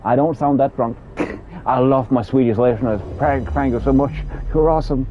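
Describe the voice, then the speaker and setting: Over phone-quality audio with slight background noise, this Danish man streams a game in his Danish accent, chatting casually at a moderate pace in a medium-pitched voice and repeating words as he goes.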